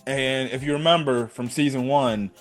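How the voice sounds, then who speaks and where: A young man giving a casual, excited episode review, talking in a loose run of fillers and slang. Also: mid-range voice, normal speed, faint music behind. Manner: excited fan talk, many fillers and "bro". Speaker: anime reviewer.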